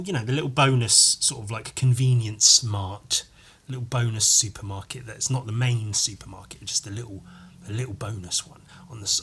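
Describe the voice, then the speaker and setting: A man with a bright, forceful voice and a middling pitch hosts his own comedy podcast. He rambles through a story, keeps backtracking and correcting himself, and tosses in crude asides along the way. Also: a little hiss or hum. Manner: meandering, self-correcting, crude jokes. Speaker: podcast host.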